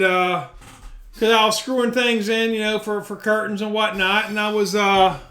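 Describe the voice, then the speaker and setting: Speaking into a studio microphone from his bedroom, a vlogger spins a casual, profane, meandering story. His voice is high and bright with a forceful edge.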